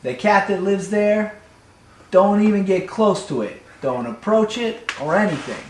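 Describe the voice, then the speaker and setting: A man voicing a gang of wary neighborhood cats who give an urgent, cautionary warning in a raised pitch, recorded in an echoey room. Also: lively intonation, normal speed, natural voice. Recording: echoey room, faint hum.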